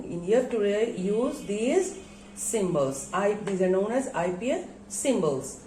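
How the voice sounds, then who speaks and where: A woman's voice: mid-range voice, lively intonation, slow, a little mellow, a little hiss or hum. A woman with a Bangladeshi English accent teaching an English pronunciation lesson to schoolchildren, spelling words out letter by letter and answering her own questions. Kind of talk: recorded classroom lesson on pronunciation. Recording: echoey room.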